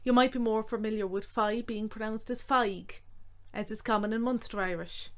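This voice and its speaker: A woman teaching Irish phrases, talking carefully and repeating each phrase slowly. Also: on the high side, steady tone. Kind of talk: slow, clear language lesson.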